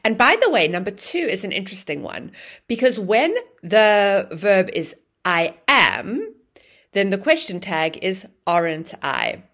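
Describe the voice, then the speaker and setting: Lively woman teaching English grammar. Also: mid-range voice, unhurried. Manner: explaining, acts out example phrases with exaggerated intonation. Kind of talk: grammar lesson.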